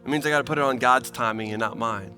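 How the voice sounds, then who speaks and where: Over soft background music, a male pastor preaches at a quick pace. His tone is earnest and pleading, with repeated phrases for emphasis and shifts from animated bursts to quiet, low asides.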